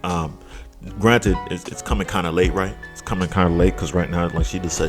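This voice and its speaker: A man casually reacting to a video clip with jokey, animated commentary, now and then jumping into high mocking voices. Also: brisk, music in the background.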